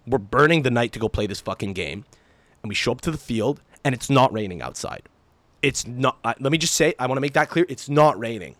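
A young man hosting his own podcast, telling stories casually in an animated, profane, exaggerated way. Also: medium pitch, a little fast, no room sound. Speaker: podcast host. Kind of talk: casual solo podcast storytelling.

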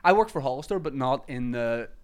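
Low-voiced woman. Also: lively intonation, a little fast, darkish tone. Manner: self-deprecating, laughing. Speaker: podcast host. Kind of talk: casual chat.

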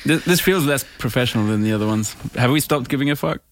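A man's voice: mid-range voice, quick pace, a little hiss or hum. A man co-hosting a podcast in casual, sweary, rambling chat. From Australia. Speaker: podcast co-host.

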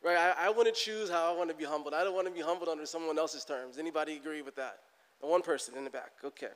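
A middle-aged man delivers a sermon in a church. His voice is smooth and resonant, a little higher than most men's, and it climbs and grows loud as he plays out what people pray. A long reverb from the hall trails every phrase. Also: fast. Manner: animated, rises loud for emphasis, acts out prayers. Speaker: pastor.

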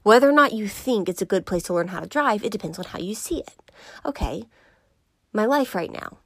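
A young woman from Georgia talks through a reflective personal monologue in an earnest voice. She often sinks into a soft whisper to stress a point. The sound is close and dry, with no room echo. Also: mid-range voice, lively intonation, fairly quick.

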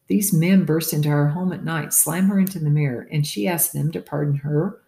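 A measured audiobook narrator telling a first-person story at a middling pitch. The reading is even and unhurried. A roomy echo hangs around the voice. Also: gravelly.

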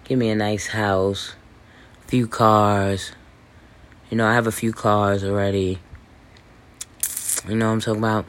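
A man hosting a podcast, talking in a loose, boastful monologue full of fillers, restarts and swearing, with hiccups and throat clearing. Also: lowish voice, little pitch movement, measured pace, long pauses. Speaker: podcast host. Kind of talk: rambling casual monologue. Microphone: voice message recording.

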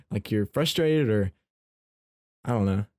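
A man's voice: lowish voice, expressive, slow, darkish tone, dry recording, clean studio sound. A man hosting a casual faith-based podcast, chatty and playfully teasing his listeners. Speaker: podcast host.

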